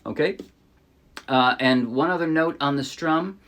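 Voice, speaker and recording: A middle-aged man from the New Jersey area teaching ukulele in a relaxed way, often restarting his sentences and singing short demo lines. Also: fairly high pitch, a little slow, over loud music. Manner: relaxed, explains with restarts and sung demos. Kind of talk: casual music tutorial. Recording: ukulele playing behind.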